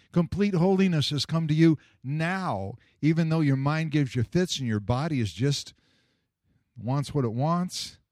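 A man's voice: on the high side, a little mellow, no room sound, studio quality. A man preaching a sermon, telling stories and acting out the voices in them with a chuckle. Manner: storytelling, acts out quoted voices, chuckles at own jokes.

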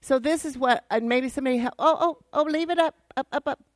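A woman's voice: high voice, fast talker, no room sound. A woman Bible teacher giving a casual, teasing and direct church lesson to a worship team.

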